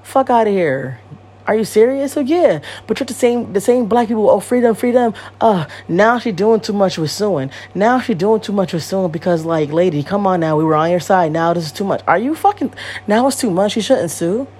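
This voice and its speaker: A woman's voice: medium pitch, lively intonation, normal speed, a little mellow, husky. A woman in her thirties hosting a podcast, talking in a blunt, profane and rambling way, repeating herself. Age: 30s. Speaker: podcast host. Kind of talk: casual monologue.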